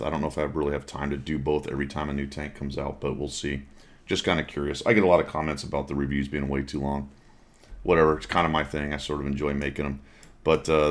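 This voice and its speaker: A man hosting a casual gaming podcast, joking and self-mocking and laughing often. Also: extremely low pitch. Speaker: podcast host. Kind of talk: casual chat.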